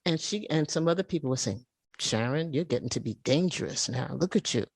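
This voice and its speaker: Woman, 70s, recovery share; lively swooping delivery, lowish voice, dry close sound. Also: fairly quick, slightly rough, no room sound. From United States. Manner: animated, emotional storytelling. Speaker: meeting speaker. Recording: video call audio.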